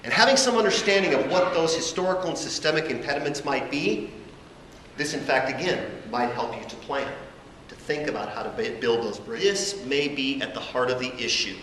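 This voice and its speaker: A man presenting an academic conference lecture, deliberate and emphatic in his phrasing. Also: medium pitch, expressive, a bit bright. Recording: echoey hall with faint room noise.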